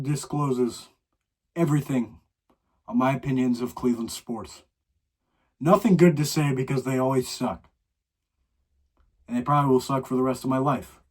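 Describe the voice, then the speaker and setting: A man's voice: medium pitch, moderate pace, pauses often, a little mellow. A teenage boy from Ohio hosting his own podcast, ranting with dramatic, exasperated complaints. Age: teens. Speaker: podcast host. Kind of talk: solo podcast rant.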